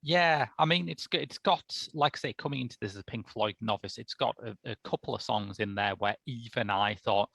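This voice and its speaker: A man co-hosting a casual podcast, discussing a film in an articulate, wry way with animated asides. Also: medium pitch, brisk, gravelly, few pauses, dry recording. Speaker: podcast co-host.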